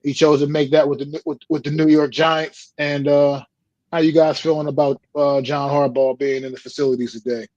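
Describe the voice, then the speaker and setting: A man's voice: on the high side, little pitch movement, normal speed, a little mellow, no room sound, lo-fi sound. A man co-hosting a casual sports talk show, rambling and swearing before handing off a question. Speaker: podcast co-host.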